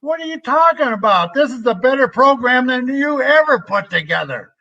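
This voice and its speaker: A man telling an old story, acting out the shouted lines of the men in it. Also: extremely high pitch, big pitch swings, moderate pace, heavily acted. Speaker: storyteller in played interview clip. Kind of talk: recorded shoot interview anecdote. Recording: muffled lo-fi clip played back.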